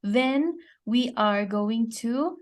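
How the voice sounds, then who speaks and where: A woman English teacher gives a grammar lesson, explaining step by step and often checking her student's understanding with "okay?". Her voice is fairly high, with lively intonation and drawn-out words.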